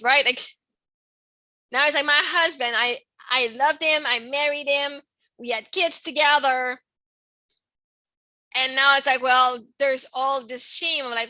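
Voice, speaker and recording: A middle-aged woman with a French Canadian accent, hosting her own podcast in a rambling, expressive monologue that keeps coming back to "right?" and "like". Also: sits high, moderate pace, dry recording, poor audio. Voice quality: expressive, laughs often, swings from soft to loud. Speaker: podcast host. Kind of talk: casual personal monologue.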